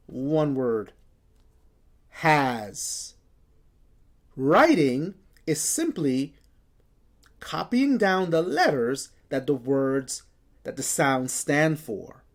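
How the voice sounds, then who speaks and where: A woman leads a children's reading lesson, sounding out each letter and blending it into whole words. Her voice sits fairly low, her pitch swings lively, and she takes her time. She praises often and cheerfully. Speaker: reading teacher.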